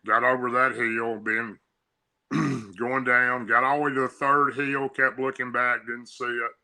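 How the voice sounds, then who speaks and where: A man's voice: mid-range voice, level tone, a little slow, pushed and bright, low-quality recording. A man on a talk show telling a story in a casual way, in long run-on sentences that repeat his actions. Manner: breathless run-on retelling, repeats himself. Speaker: guest.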